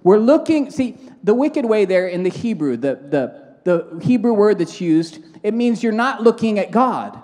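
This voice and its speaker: A man preaching in a church, his voice sitting high for a man. He shifts from fervent prayer into lively storytelling. A long hall reverb trails his words. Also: unhurried. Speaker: pastor. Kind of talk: sermon with prayer.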